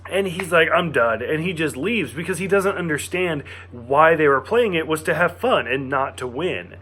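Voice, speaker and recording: A man's voice: on the high side, animated, normal speed, pushed and bright, breathy edge. A man giving a casual, enthusiastic spoken review of a TV episode, talking with lots of fillers and restarts.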